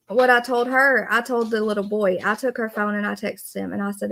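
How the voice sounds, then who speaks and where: A woman's voice: a little high, steady tone, a little fast, vocal fry, hardly any pauses. A woman, hosting a casual live stream and earnestly greeting viewers by name. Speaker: livestream host.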